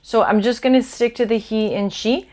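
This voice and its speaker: A woman teaching a beginner French lesson in a patient, explanatory way, repeating words slowly for learners. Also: a little high, steady tone, a little mellow. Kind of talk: online language lesson. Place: Los Angeles.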